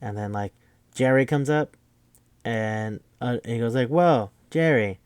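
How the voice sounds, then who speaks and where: A man's voice: medium pitch, measured pace, clean tone, dry recording. A man casually recapping a film plot on a podcast, rambling and profane, with lots of filler words. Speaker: podcast host.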